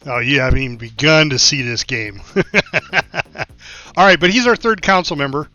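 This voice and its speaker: A man's voice: mid-range voice, animated, moderate pace, sharp tone, no echo. A man casually commenting on a strategy game as he plays, thinking aloud with many fillers. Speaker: gameplay streamer. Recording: slightly dull lo-fi mic with faint music.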